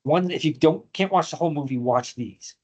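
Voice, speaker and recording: A man's voice: on the high side, fairly quick, a little mellow, poor audio. A man teaching a history class, telling a battle story with strong feeling and acting out the quotes. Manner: emotional storytelling, acts out quotes.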